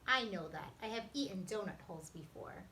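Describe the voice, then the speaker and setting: A polite little boy from France, recently moved and still finding his feet, gives short, friendly answers, as a woman reads him aloud from a storybook. The voice has a bright, forward edge, and a faint hum sits behind it. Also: mid-range voice, lively intonation, a little fast, poor audio.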